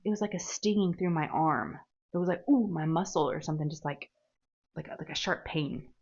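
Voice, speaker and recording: Chatty low-voiced woman crafting. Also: brisk, darkish tone, highs cut off. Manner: chatty, rambling, laughs at herself. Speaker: diamond painting crafter. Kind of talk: casual chat while crafting.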